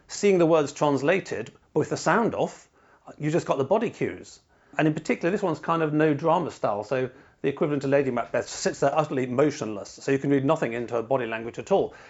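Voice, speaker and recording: A man's voice: mid-range voice, gravelly, dull audio. A man hosting a podcast, talking in long, discursive turns with wry asides. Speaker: podcast host. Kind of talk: podcast interview.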